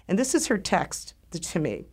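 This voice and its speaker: A middle-aged woman hosts the show in a fairly low voice. She talks slowly and earnestly. Her tone stays heartfelt throughout. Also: very animated, a little mellow, breathy edge. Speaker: host. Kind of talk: scripted monologue.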